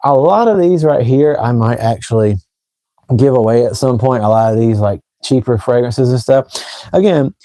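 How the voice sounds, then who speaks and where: A man's voice: medium pitch, lively intonation, moderate pace, warm tone, dry recording. A man from Tennessee with a Southern US accent, hosting a fragrance live stream and rambling chattily straight to his viewers from a room at home. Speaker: fragrance channel host. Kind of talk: casual live stream chat.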